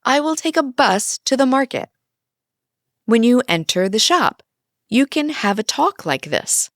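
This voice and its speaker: Slow, lively-pitched woman teaching English. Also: dry recording, clean studio sound. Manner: plain, simple sentences with acted example dialogues. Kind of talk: slow scripted lesson narration.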